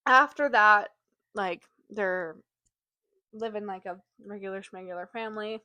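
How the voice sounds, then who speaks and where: A woman's voice: medium pitch, measured pace, dry recording. Chatty woman recapping a book. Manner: chatty, heavy use of "like", animated when acting out quotes. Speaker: book podcast co-host. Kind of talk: casual chat, retelling a plot.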